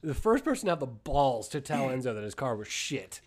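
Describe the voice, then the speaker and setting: A man's voice: mid-range voice, big pitch swings, fairly quick, darkish tone. A man co-hosting a casual motorsport podcast, teasing and laughing often. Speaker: podcast co-host. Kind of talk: casual chat.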